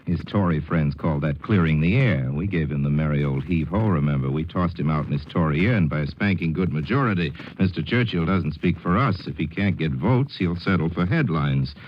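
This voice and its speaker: Man putting on a prim huffy britain voice, genteel, deep, old radio hiss. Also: a little fast, few pauses. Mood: soothing. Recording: dull, hissy 1940s radio broadcast.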